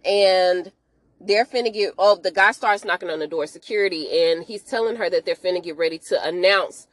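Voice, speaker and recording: A woman hosting a podcast, retelling a TV episode in a chatty, animated way full of slang and asides. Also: lowish voice, moderate pace, no room sound. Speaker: podcast host. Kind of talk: casual episode recap.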